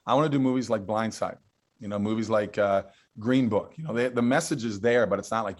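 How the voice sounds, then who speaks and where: Middle-aged male guest, low voice, enthusiastic storyteller, casual interview. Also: a little fast. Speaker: guest actor.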